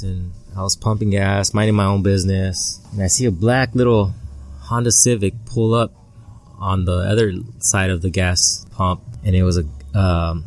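A man telling a personal story as an interview guest, halting and repeating words, recorded outdoors at a family barbecue. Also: fairly low pitch. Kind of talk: casual storytelling.

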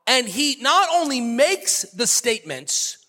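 A man's voice: extremely high pitch, sing-song, slow pace, pushed and bright, big-room sound. A man preaching a sermon as pastor, emphatic and repetitive, joking with his congregation. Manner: emphatic, repeats key phrases, jokes with the congregation.

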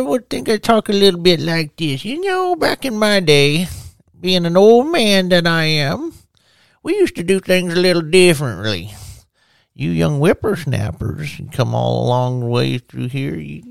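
A man's voice: fairly high pitch, very animated, a little slow, gravelly, dry recording, studio quality, voice pushed up, full character voice. A man voicing a cranky old man who grumbles in a folksy drawl about young folks. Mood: grumbling.

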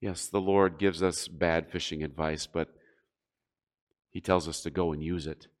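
A man preaching a sermon as a pastor, emphatic and rising and falling in force. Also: deep voice.

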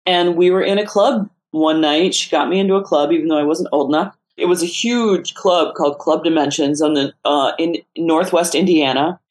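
In a casual interview, a middle-aged memoir author recounts stories from her own life with lively energy and frequent laughter. Her voice is low, her speed normal, and she pauses little.

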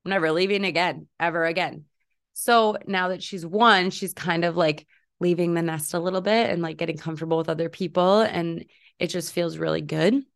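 A woman in her thirties talks through her solo podcast in a chatty, upbeat way. Her voice sits a little low and has a gravelly, vocal-fry texture. She fills her talk with asides and little quoted remarks. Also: moderate pace. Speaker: podcast host. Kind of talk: casual solo podcast chat.

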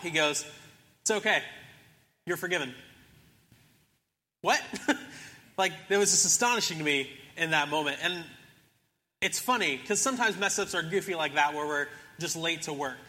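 A man's voice: fairly high pitch, moderate pace, bright, forceful tone, long reverb tail. A young man preaching a sermon in a casual storytelling way, acting out the characters as he retells a scripture story. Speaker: pastor.

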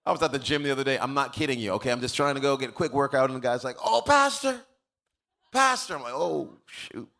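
A man's voice: medium pitch, fairly even intonation, rapid-fire, few pauses, fairly bright tone. A man preaching a sermon as pastor, telling stories casually and building to emphatic preaching.

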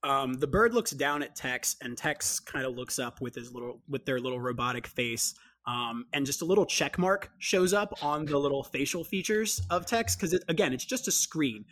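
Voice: medium pitch, animated, normal speed, a bit bright. A player describing their character in a tabletop game, chatty, with many fillers.

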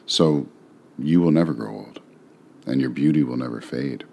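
A man reading a sonnet aloud, then talking through its meaning in a relaxed, musing way with rhetorical questions. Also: extremely low pitch, normal speed, gravelly. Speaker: poetry reader and explainer. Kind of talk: poetry reading and casual commentary.

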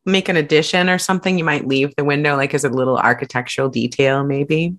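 A woman's voice: sits low, fairly even intonation, fast talker. A woman co-hosting a podcast, reacting enthusiastically with jokes in casual chat. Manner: enthusiastic, reacts with whoops and quips. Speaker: podcast co-host.

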